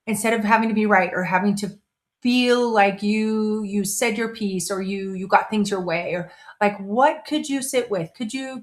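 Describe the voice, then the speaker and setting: A middle-aged woman hosting a casual motivational talk, conversational, restarting her sentences and slipping into playful quoted voices. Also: medium pitch. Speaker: host.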